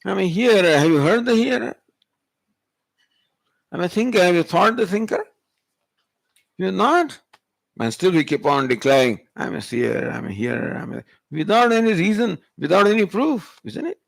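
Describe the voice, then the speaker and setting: A man's voice: sits high, sing-song, moderate pace, vocal fry, pauses often, no echo. A male spiritual teacher, giving a Vedanta discourse and pressing the listener with rhetorical questions. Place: retreat hall.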